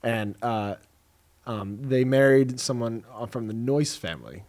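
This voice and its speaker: A man's voice: mid-range voice, animated, unhurried, a little mellow. A man chatting casually as a podcast co-host, laid-back and joking. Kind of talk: casual chat.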